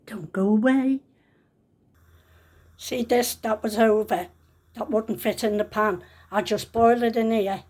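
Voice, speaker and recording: In her home kitchen, a grandmother films a casual cooking vlog, her fairly high voice slightly mellow and fairly even in intonation. She talks slowly with long pauses, chatty and rambling, frequently correcting herself partway through sentences.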